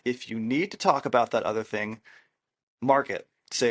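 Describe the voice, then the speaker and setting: A man's voice: medium pitch, normal speed. Emphatic man giving relationship advice. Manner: emphatic, repeats key rules, acts out quoted lines. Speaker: podcast co-host, therapist. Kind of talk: casual advice chat.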